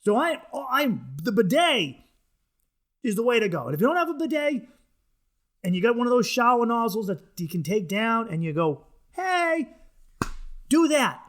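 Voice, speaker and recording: A man with a high, bright voice riffs through a crude comedy monologue. He rambles and swears freely, full of restarts and asides. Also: very animated, normal speed. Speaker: podcast host.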